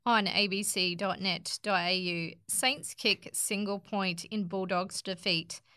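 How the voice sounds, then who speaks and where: A woman reads sports headlines and reports aloud with a bright, crisp, smooth voice, now and then restarting a word. The recording is dry and close, with no echo. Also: mid-range voice, steady tone. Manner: brisk headline reading with small restarts. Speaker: news reader. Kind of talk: reading news articles aloud.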